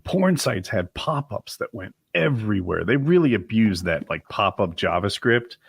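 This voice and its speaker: A man's voice: lowish voice, sing-song, moderate pace, creaky, slightly rough, no echo, studio quality. A man co-hosting a podcast, making teasing, jokey asides in casual chat. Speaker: podcast co-host.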